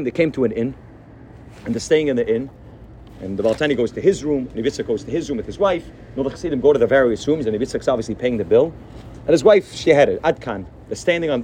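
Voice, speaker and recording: A man giving a sermon as a rabbi, telling a story in an animated way and sprinkling his speech with Yiddish and Hebrew words. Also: medium pitch, a little hiss or hum.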